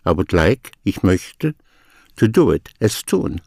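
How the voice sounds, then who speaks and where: Slow, deliberate older male teacher. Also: sits low, big pitch swings, gravelly, a little mellow, no room sound, clean studio sound. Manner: slow, deliberate, repeats phrases for the learner. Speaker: language teacher. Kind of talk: recorded language lesson.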